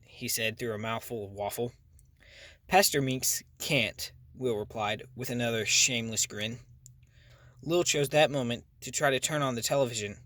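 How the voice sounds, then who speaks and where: Male audiobook narrator, mid pitch, dead-dry booth sound. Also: bright, forceful tone, no room sound. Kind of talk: first-person audiobook narration.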